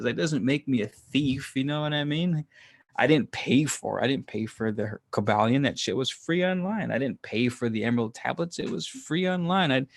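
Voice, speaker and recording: A man's voice: mid-range voice, fairly quick. A man hosting a casual livestream, answering his chat in a rambling way, laughing often and swearing freely. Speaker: livestream host reading chat. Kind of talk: casual live chat with viewers.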